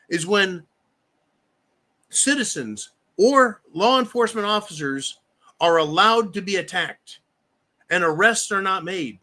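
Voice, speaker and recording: A man's voice: high-pitched, lively intonation, unhurried, pushed and bright. A man hosting a live stream, angrily ranting with lots of profanity and reading viewer comments aloud. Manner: angry, profane, heated ranting. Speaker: livestream host. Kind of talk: live-stream political rant.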